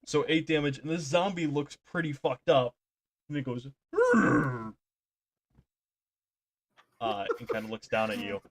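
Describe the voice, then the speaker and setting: A man's voice: medium pitch, steady tone, brisk. A man running a tabletop game as dungeon master, talking casually, laughing and swearing a little.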